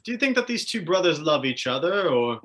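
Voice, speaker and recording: A man voicing a menacing male adventurer who interrogates prisoners in a drawn-out, taunting, theatrical way. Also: on the high side, big pitch swings, fairly bright tone, voice pushed up. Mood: scheming.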